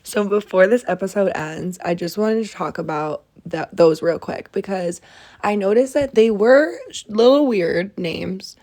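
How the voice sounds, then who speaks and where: A young adult woman hosting a casual solo podcast, ranting about odd baby names in an incredulous, animated way, swearing and laughing often. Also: mid-range voice, measured pace. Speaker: podcast host.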